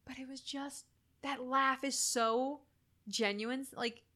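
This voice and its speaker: Young woman, bit higher voice, casual animated film chat, lots of "like". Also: takes it slowly. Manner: animated, swearing, heavy use of "like", jumps into excited shrieks. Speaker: podcast co-host discussing a film.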